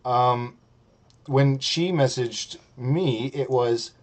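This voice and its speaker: A man's voice: mid-range voice, drawn-out words. Profane, mocking male streamer. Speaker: streamer host. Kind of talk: ranting commentary stream.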